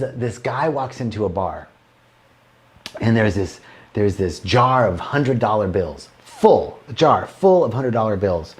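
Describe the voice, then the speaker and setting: Rambling man telling jokes on a livestream. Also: medium pitch. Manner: rambling, restarts lines, laughs at his own jokes. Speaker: host telling jokes to a live online audience. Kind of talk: casual joke-telling on a livestream.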